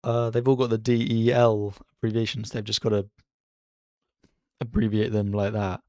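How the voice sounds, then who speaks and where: A man streaming casual live race commentary from his bedroom, chatty and excitable as he cheers drivers on. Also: lowish voice, moderate pace, no echo, clean studio sound. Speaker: streamer hosting a racing watchalong. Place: bedroom at home.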